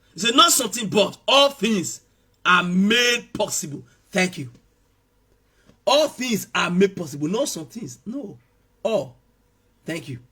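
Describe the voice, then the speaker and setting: A man preaching in a strikingly high, sharp and bright voice. His pitch swings widely as he repeats key phrases and rises into impassioned shouts. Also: very animated, takes it slowly, long pauses, breathy edge. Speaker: pastor. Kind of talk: sermon.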